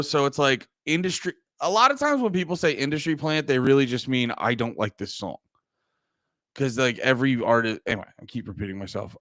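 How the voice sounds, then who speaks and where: A young man hosts a loose, profane podcast chat, wandering off topic and correcting himself mid-sentence. His voice is smooth and resonant at a middle pitch, and the sound is dry and close. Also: fairly bright tone, no echo. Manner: profane, rambling, self-interrupting, laughs often. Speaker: podcast host. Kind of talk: casual rambling chat.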